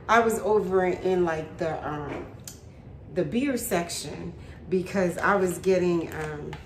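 Chatty woman vlogger in a roomy kitchen. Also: lowish voice. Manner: chatty, laughs often, lots of fillers. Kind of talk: casual storytelling chat. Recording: roomy, faint background hum.

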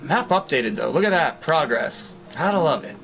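A man's voice: on the high side, normal speed, faint music behind. A man hosting a gaming channel, giving jokey let's-play commentary and yelping and exclaiming as he plays. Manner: excitable, jokey, yelps and exclaims while playing.

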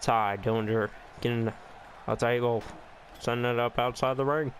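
A man giving casual commentary over a wrestling video game, excitable and full of gasps, with joking, sarcastic asides. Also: medium pitch, moderate pace, slight background noise, low-quality recording. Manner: excitable, reacting with gasps and swearing. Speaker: gameplay commentator. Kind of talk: casual let's-play commentary.

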